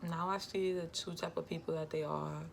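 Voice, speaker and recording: A woman's voice: low-pitched, steady tone, normal speed, vocal fry, slight background noise. A young adult woman vlogger telling a personal story in a candid, emphatic way, full of slang. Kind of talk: storytime vlog.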